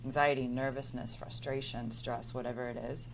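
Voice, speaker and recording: Very low-pitched woman, psychologist guest; animated, voices little inner dialogues. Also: moderate pace, background noise. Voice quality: deep alto voice. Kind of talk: conversational interview.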